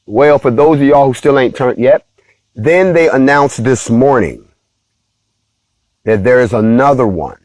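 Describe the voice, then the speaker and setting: A man hosting a casual, animated monologue, playfully talking straight to his viewers. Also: mid-range voice, a little slow, long pauses, no echo. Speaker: host of a talk stream.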